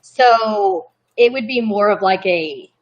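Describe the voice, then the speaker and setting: A woman's voice: mid-range voice, takes it slowly, dull audio. A young woman guest telling family stories in casual chat, chatty and often interrupting herself. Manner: chatty, self-interrupting, apologetic.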